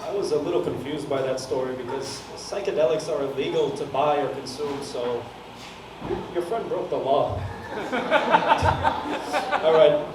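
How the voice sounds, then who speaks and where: A man's voice: a little high, expressive, a little slow, pauses often. A man hosting a comedy show, introducing acts with dry, self-deprecating jokes. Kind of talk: deadpan emcee banter. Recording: echoey room, voice from far off, noticeable noise.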